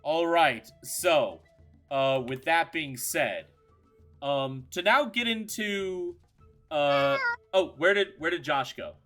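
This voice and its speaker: A man narrating a tabletop game as game master, in slow, dramatic storytelling. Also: on the high side, lively intonation, fairly bright tone, soft background music.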